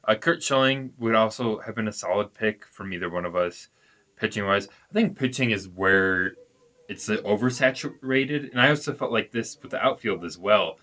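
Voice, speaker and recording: A man's voice: lowish voice, normal speed, bright, forceful tone. A man co-hosting a sports podcast, talking in an easygoing, rambling way with fillers. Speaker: podcast co-host. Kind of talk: casual sports chat.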